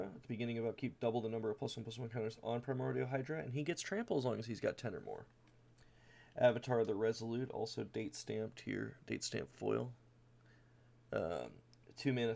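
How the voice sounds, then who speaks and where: Gravelly-voiced man explaining his card deck. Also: mid-range voice, darkish tone. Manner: casual, reads card text, many fillers and restarts. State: tired, yawning. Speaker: deck tech host. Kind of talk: casual card-by-card deck walkthrough.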